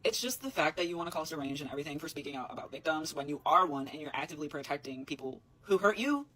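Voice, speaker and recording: A social media commentator heard in a played clip, rattling through quoted statements at a very rapid clip. The delivery is blunt and indignant, with scoffing laughs breaking into the reading. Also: medium pitch, lively intonation, fairly bright tone, low-quality recording. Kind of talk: fast spoken commentary video.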